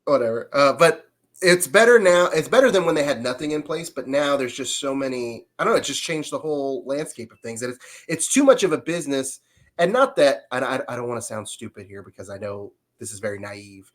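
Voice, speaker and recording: A man's voice: medium pitch, lively intonation, brisk. A man co-hosting a podcast, chatting about sports in a rambling, hesitant way. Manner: rambling, hesitant, self-correcting. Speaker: podcast co-host. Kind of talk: casual sports chat.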